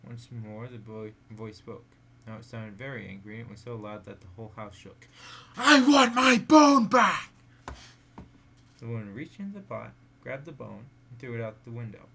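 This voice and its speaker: A man's voice: lowish voice, fairly quick, gravelly, slight background noise, low-quality recording. A man reading spooky stories aloud in a casual way, stumbling and correcting himself. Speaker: reader.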